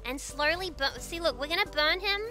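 Woman, very high voice, excitable gameplay commentary, giggly, self-mocking, game music clearly behind. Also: fairly quick. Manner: excitable and giggly, talks to teammates; self-mocking, frequent laughter. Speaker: video game streamer.

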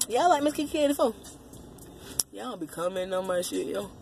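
A woman vlogger ranting casually to her viewers, profane, loud and rambling. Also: medium pitch, animated, brisk, vocal fry, a little hiss or hum. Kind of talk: casual rant to the camera.

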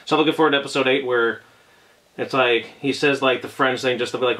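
A man's voice: mid-range voice, fast talker, a bit bright. A man giving a casual video review of an anime, gushing and rambling with lots of "like" and "oh my gosh", and getting choked up at times.

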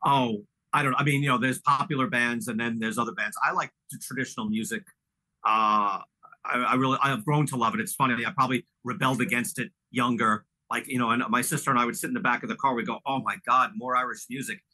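A middle-aged man from Long Island, New York, reminisces casually as an interview guest, rambling with lots of "you know" fillers and restarts. His medium-pitched voice is fairly even in intonation, fast, bright, and forceful, on a rough recording.

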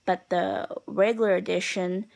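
A woman's voice: lowish voice, steady tone, moderate pace, gravelly, a little mellow. A tired young woman vlogging in a casual, rambling way, with many fillers as she chats to her viewers. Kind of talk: casual chat.

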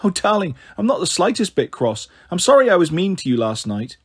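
A caring, bossy big-sister girl, voiced by a man in a read-aloud storybook. She talks in a brisk, mothering way, pitched higher than the narration. The tone stays husky and sing-song. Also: very animated, heavily acted. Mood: coaxing.

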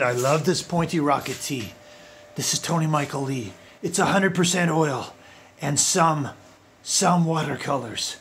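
A man playing a mischievous, rocket-obsessed billionaire tycoon in a comedy sketch, using a put-on South African accent and breaking into giddy, high-pitched squeals. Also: gravelly, slightly rough, exaggerated voice. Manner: scheming and giddy, bursting into high squealing laughs.

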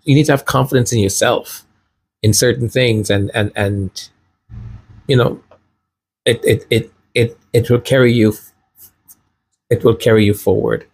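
A man's voice: mid-range voice, steady tone, measured pace, vocal fry, long pauses, darkish tone, slightly rough. A man hosting a podcast, chatting casually, laughing easily and repeating himself as he reads viewer comments. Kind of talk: casual livestream chat.

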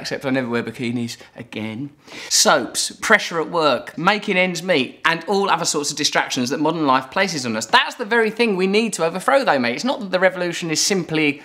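A man's voice: fairly high pitch, expressive, brisk, a bit bright. A middle-aged man, hosting a casual commentary show, reading out viewer comments and riffing on them playfully, slipping into comic voices and swearing. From England. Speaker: host.

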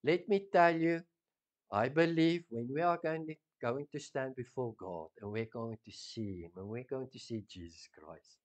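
A man with a South African accent preaching a sermon, swinging from loud emphasis down to hushed intensity. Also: mid-range voice, moderate pace. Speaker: pastor.

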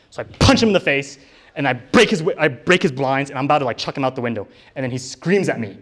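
A man's voice: medium pitch, animated, quick pace, fairly bright tone. Young man telling a rambling personal testimony. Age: young adult. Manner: casual, filler-heavy storytelling with many likes and ums. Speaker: college student giving a testimony. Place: college ministry center.

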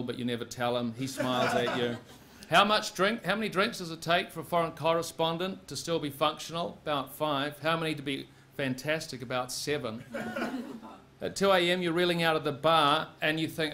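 A man tells a true story onstage into a stage mic, punchy and wry, with his pitch sitting in an ordinary middle range. A faint hum of the live room sits under his voice. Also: fairly bright tone. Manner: wry, punchy delivery in second person. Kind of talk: live spoken-word storytelling.

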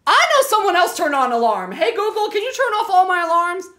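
A young woman streaming a horror game, swearing freely and breaking into yells and laughter as she talks to her chat. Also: very high-pitched, sing-song, fast talker. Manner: loud, swearing, bursts into yelling and laughter. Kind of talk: live gameplay commentary.

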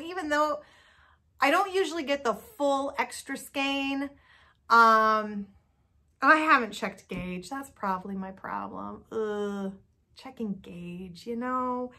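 Speaking on the high side with a bright, forceful tone, this knitting podcast host talks to camera in a chatty, anxious manner. She fills her speech with many fillers and often seems unsure of herself.

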